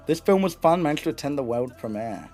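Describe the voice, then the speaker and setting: A young man chatting casually on a live stream, excitable and rambling, swearing often and restarting his sentences. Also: on the high side, fast talker, music in the background.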